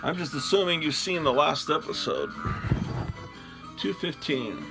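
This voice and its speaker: An older man chats on and on in a loose, rambling way, poking fun at himself. His voice sits a bit high and has a gravelly rasp. Music plays clearly behind him, and he records on a phone. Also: very animated, a little slow, rough recording. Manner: rambling, chatty, self-deprecating. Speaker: host. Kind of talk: casual solo chat while sorting comics.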